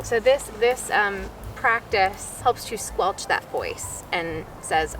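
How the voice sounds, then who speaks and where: A young woman, chatting excitedly to camera in a lifestyle vlog, full of gasps and exclamations. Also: medium pitch, slow pace, faint music behind. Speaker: lifestyle vlogger. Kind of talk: casual chat to camera. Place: home, also outdoors.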